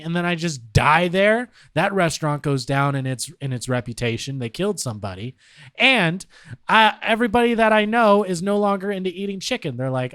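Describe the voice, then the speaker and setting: A man's voice: high voice, lively intonation, a little fast, a bit bright, clear, resonant tone, dry recording, clean studio sound. A man co-hosting a podcast, debating in a playful, joking way and acting out quoted reactions. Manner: playful, acts out quoted voices. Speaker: podcast co-host. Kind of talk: casual comedic debate.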